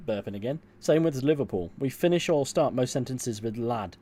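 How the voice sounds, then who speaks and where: A man's voice: medium pitch, moderate pace, dark tone, slight background noise. Dry-humored man chatting. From England. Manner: dry, offhand, reads chat comments aloud and answers them. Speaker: streamer reading chat. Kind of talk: casual livestream chat.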